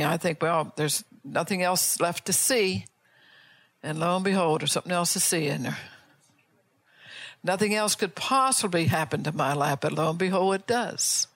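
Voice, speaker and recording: A woman's voice: lowish voice, no echo. Older lady preacher getting fired up, lots of questions at the crowd, stumbles and repeats, dry close sound. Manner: fervent exhorting with rhetorical questions; frequent restarts and repeated words. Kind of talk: sermon before an altar call.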